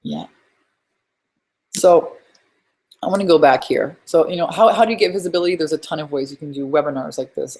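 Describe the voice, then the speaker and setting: Low, husky-voiced woman coaching energetically. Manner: energetic, rambling, emphatic. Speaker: webinar host and business coach. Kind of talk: live webinar teaching. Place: home.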